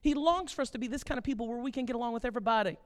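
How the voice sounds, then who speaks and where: A pastor preaching a sermon with passion and jokes, animated and lively in his delivery. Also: very high-pitched, rapid-fire. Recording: long reverb of a hall.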